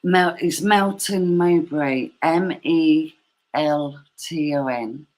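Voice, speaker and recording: English Midlands woman, low and slow, chatty and giggly, spells words out. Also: darkish tone, rough recording. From England. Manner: spells words out slowly, laughs often. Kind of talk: casual chat.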